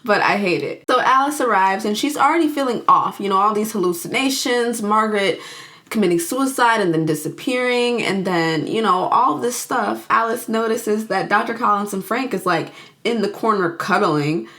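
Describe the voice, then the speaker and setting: A young adult woman recapping a movie on her channel, chatty and expressive. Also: medium pitch, moderate pace. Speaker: youtuber.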